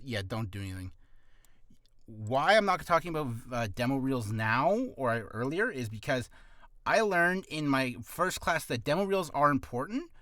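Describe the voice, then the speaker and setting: A man's voice: mid-range voice, fairly bright tone, no echo, clean studio sound. A man who is an aspiring voice actor, casually and self-deprecatingly explaining voice acting tips in a rambling way. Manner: rambling, self-deprecating, breaks into quick voice demos.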